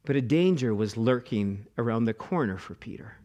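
A middle-aged man preaching a sermon as pastor, animated, acting out quoted voices and repeating words as he goes. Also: medium pitch, moderate pace.

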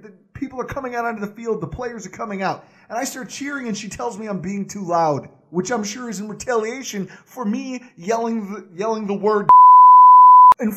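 Animated, high-voiced man telling a story. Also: husky. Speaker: podcast co-host. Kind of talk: casual podcast storytelling.

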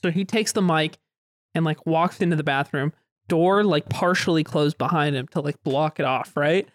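A man's voice: on the high side, moderate pace, no room sound, clean studio sound. A man co-hosting a podcast, trading crude teasing jokes in casual chat and laughing often. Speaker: podcast co-host.

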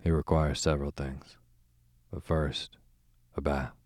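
A man's voice: very deep voice, little pitch movement, a little slow, darkish tone, no room sound. A man reading the part of a sardonic aristocratic duke in a bedtime audiobook, with a dry, sarcastic drawl.

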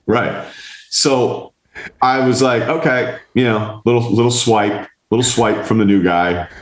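A man's voice: mid-range voice, measured pace, echoey room. A man hosting a podcast, telling a long story in casual chat, acting out the people in it and swearing freely. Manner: animated, mimics others in quotes, swears. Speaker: podcast host.

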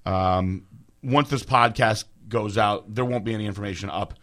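A young man hosting a casual podcast chat, talking in an animated, loose way and swearing freely. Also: fairly low pitch, normal speed. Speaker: podcast host.

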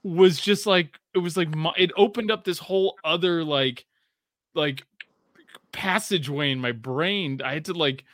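A bright, forceful male voice, a little high for a man, recorded dry and close. He chats casually as a podcast co-host, loose and profane, his pitch jumping up as his stories build. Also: a little slow, no echo. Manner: animated storyteller, swears freely, rising pitch when excited. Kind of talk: casual sports chat.

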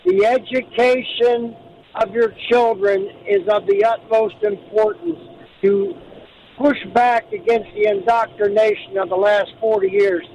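A man's voice: high voice, steady tone, a little slow, darkish tone, lo-fi sound. A man from Pennsylvania, a truck driver, calling in to a radio show from the road, talking earnestly with stumbling restarts. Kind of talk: phone-in call. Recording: call from a moving truck, faint road noise.

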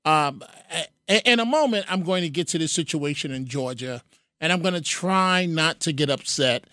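A male talk radio host takes callers in an earnest, repetitive way, often doubling his words. His voice sits a touch high. The studio sound is dry and close. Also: moderate pace, pushed and bright, no room sound. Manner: earnest, repeats phrases, fillers. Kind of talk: talk radio call-in show. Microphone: studio mic.

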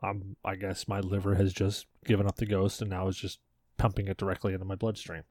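A man's voice: sits low, monotone, fairly quick, a little mellow. Tipsy man hosting a podcast. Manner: loose, self-mocking joking. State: tipsy from beer. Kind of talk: casual chat.

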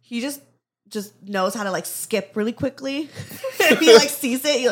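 A woman's voice: a little high, moderate pace. A woman hosting a casual podcast chat, telling stories with many fillers and frequent laughter. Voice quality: laughs often, lively storytelling with many "like"s. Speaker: podcast host.

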